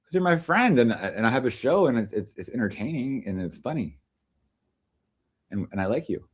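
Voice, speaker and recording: A man's voice: medium pitch, big pitch swings, moderate pace, husky. A man hosting a casual livestream from home, chatting in a meandering way with lots of fillers and restarts. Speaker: livestream host. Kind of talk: rambling casual livestream chat.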